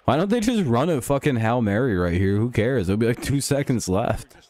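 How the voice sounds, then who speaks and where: A man's voice: medium pitch, animated, a little fast, a little mellow. A man hosting a live stream, giving casual, rambling reaction commentary on a football game and swearing often. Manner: laid-back, rambling, swears a lot.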